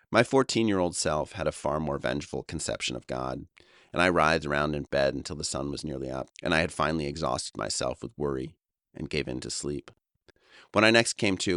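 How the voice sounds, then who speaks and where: A man in his fifties from Long Island, New York, narrates his own memoir in a wry, reflective voice. His voice is exceptionally deep, and the recording is close and completely dry. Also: a bit bright, dry recording. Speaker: author and narrator.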